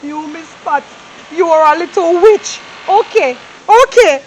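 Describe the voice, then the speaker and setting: A woman acting as a young Jamaican housemaid who begs and sobs her way through, tagging her lines with a drawn-out "oh". Her voice sits very high. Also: lively intonation, slight background noise, rough recording. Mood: resentful. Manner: pleading, tearful, ends phrases with "oh". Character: young maid, timid and pleading. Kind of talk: comedy skit acting.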